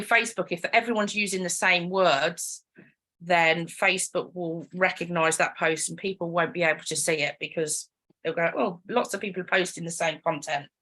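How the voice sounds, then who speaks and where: British woman, young adult, chatty and jokey, a bit low-pitched, bright tone, online training talk. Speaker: social media trainer.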